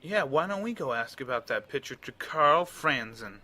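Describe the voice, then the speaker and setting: Bright-voiced rambling let's play man. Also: mid-range voice, animated, moderate pace. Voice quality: rambling, chatty, frequent restarts. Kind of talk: casual game commentary.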